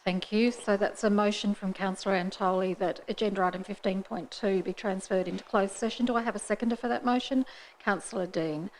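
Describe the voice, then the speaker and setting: A woman, the mayor, chairing a formal council meeting into a desk microphone in a council chamber, with brisk procedural talk and light asides. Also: mid-range voice, steady tone, a little hiss or hum, poor audio.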